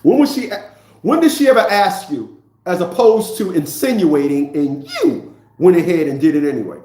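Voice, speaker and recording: A man's voice: sits high, sing-song, moderate pace, warm tone, roomy sound. A man in his fifties ranting in a preachy, profane monologue, often repeating himself. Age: 50s. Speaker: vlogger.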